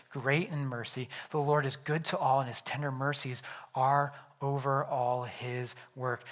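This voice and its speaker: A male pastor preaching a sermon in church, moving from quiet reflection to loud, excited storytelling. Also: medium pitch. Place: church sanctuary.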